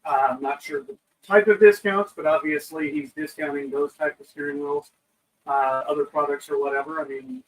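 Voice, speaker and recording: A man's voice: on the high side, steady tone, moderate pace, recorded from a distance, rough recording. A man co-hosting a live podcast, easygoing and agreeable in casual chat. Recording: off-mic with faint room noise.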